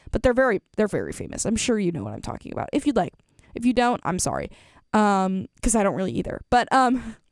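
A woman's voice: medium pitch, darkish tone, no echo, clean studio sound. A young woman, a college radio DJ chatting casually on air, rambling with lots of fillers and self-corrections. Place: radio studio.

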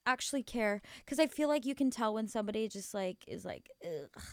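A woman's voice: fairly high pitch, fast talker, clean tone, dry recording, studio quality. A young woman hosting a show, telling a story in a chatty, dramatic, giggly way with lots of slang. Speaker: radio host. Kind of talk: casual chat.

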